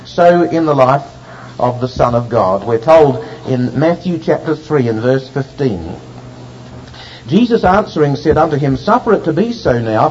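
A man preaching a sermon, emphatic and slowing down to stress the scripture he reads. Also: fairly high pitch, darkish tone, slight background noise. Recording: dull lo-fi recording.

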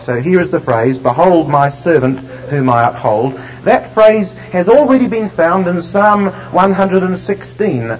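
A man preaching a sermon, emphatic and slowing down to stress the scripture he reads. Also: high-pitched, a little hiss or hum. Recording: dull lo-fi recording.

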